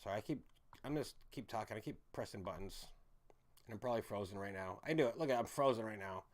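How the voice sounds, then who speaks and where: A man's voice: fairly low pitch, expressive, quick pace. A young man streamer chatting casually, rambling, repeating himself and often apologizing.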